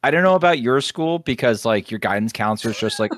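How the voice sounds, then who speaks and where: A man's voice: mid-range voice, animated, fast talker, fairly bright tone, no echo, clean studio sound. A man co-hosting a podcast, making wry, joking asides in casual chat. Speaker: podcast co-host.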